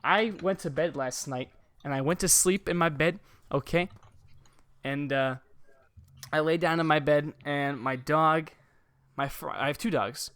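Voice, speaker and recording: A man's voice: on the high side, unhurried, fairly bright tone, no echo. A young adult man hosting a casual podcast from a room above his garage, rambling through a story with a lot of swearing. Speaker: podcast host.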